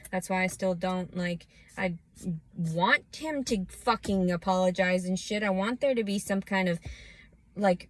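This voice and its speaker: A woman vlogging a scattered, profane rant that swings from low muttering into shouting. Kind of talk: ranting personal monologue.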